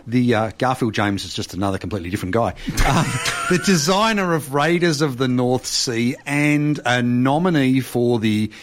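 A man's voice: mid-range voice, moderate pace, few pauses, slight background noise. A man hosting a radio show, chatty and enthusiastic. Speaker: radio host.

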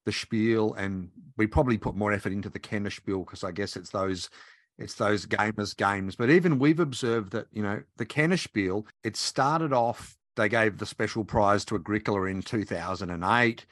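A man's voice: fairly low pitch, moderate pace, a bit bright, dry recording. Man hosting, dry close sound. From Australia. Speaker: podcast host. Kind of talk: podcast interview.

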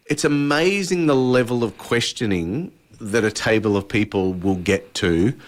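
A man's voice: lowish voice, animated, measured pace. A man co-hosting a podcast, explaining a game with enthusiasm in casual chat. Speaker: podcast co-host.

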